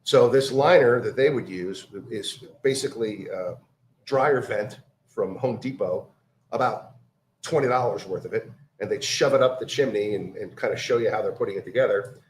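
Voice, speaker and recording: A man telling a story in casual chat, halting with many fillers and restarts. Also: fairly low pitch, roomy sound, a little hiss or hum.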